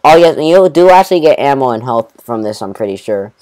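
A man giving casual commentary on a game as he plays. He rambles, fills gaps with "you know" and "bro", mumbles some asides and gets loud when excited. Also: mid-range voice, fairly quick, poor audio. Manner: rambling, laid-back, full of fillers like "you know" and "bro"; swings between mumbled asides and excited bursts. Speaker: gameplay commentator. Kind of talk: casual let's-play commentary.

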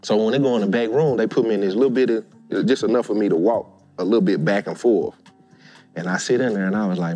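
Man in his thirties; lively podcast storyteller who does voices for everyone; faint music bed. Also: lowish voice, quick pace. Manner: animated, acts out quoted voices. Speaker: guest storyteller. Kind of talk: casual storytelling.

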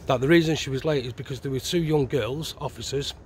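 A man's voice: mid-range voice, fast, a little hiss or hum. A man who was once a prisoner, chatting in a plain, laid-back way outdoors at night. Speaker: guest, former prisoner. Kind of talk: casual chat.

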